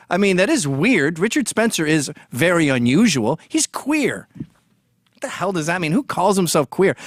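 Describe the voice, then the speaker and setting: A man's voice: on the high side, very animated, a little slow, no room sound, clean studio sound. A man delivering a sarcastic, mocking comic rant straight to camera as a commentator.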